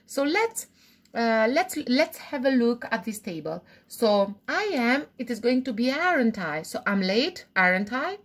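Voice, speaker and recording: A woman teaching English grammar in a recorded lesson, explaining slowly and repeating examples while checking understanding. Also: on the high side, sing-song.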